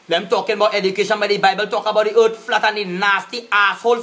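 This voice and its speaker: High-pitched Trinidadian man ranting. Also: flat delivery, fast talker, few pauses, fairly bright tone. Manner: cussing, repetitive, confrontational. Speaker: live-stream vlogger. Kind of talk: angry live-stream rant.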